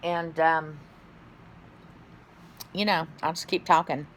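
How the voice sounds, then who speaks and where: A middle-aged woman, chatting casually to camera at home in a rambling way, with sudden high exclamations. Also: steady tone, takes it slowly, slight background noise. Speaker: vlogger. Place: at home indoors.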